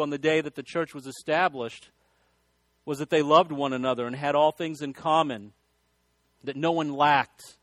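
A man's voice: fairly high pitch, a bit bright, dry recording. A male pastor preaching a sermon, telling folksy stories and often restarting his sentences. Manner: folksy storytelling with repeated restarts.

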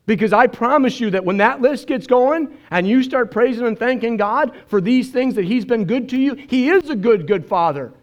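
A man's voice: very high-pitched, expressive, moderate pace, hardly any pauses. A man preaching a sermon as pastor, earnest and emotional, telling stories and quoting others. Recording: dull lo-fi sermon recording.

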